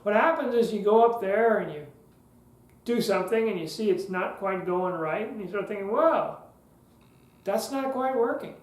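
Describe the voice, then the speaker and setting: A man's voice: high-pitched, normal speed, reverberant, low-quality recording. A man hosting a podcast lesson on public speaking, talking in a conversational way with joking asides.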